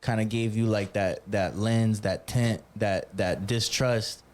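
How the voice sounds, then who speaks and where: Guy with a lowish voice on a podcast, asking follow ups, lots of mm-hmms. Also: steady tone, slow. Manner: probing questions, short backchannels. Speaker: podcast co-host. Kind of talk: casual chat.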